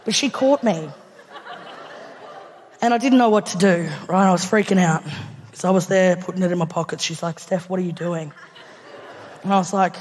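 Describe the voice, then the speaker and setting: A woman's voice: medium pitch, noisy background. An Australian woman comedian telling a story on stage, laughing through her punchlines and acting out other people's lines. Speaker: stand-up comedian. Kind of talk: live stand-up storytelling. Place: large theatre stage before a live audience. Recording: live theatre with long reverb.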